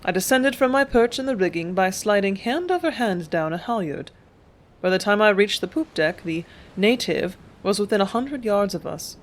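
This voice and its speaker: A steady audiobook narrator with an even, measured way of telling the story. The voice sits at a middle pitch and keeps a calm, unhurried reading pace.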